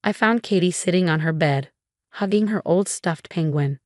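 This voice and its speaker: Calm woman narrating a story, fairly low voice. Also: moderate pace, no room sound, clean studio sound. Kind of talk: scripted first-person story narration.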